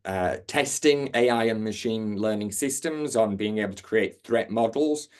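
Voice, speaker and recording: A man's voice: mid-range voice, darkish tone. A man hosting a product demo webinar over a video call, full of jokey, self-mocking asides. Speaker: webinar host, marketer.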